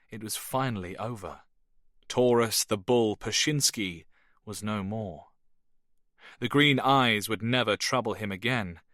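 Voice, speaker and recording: Man, audiobook narration, measured, even, dry studio sound. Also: on the low side, dry recording. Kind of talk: scripted narration.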